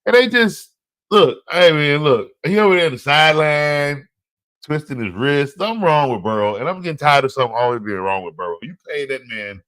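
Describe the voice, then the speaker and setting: A man hosting a fantasy football show, talking casually and excitedly, laughing often and trash-talking teams in slangy speech. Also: a little high, fairly quick. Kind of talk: casual solo sports commentary.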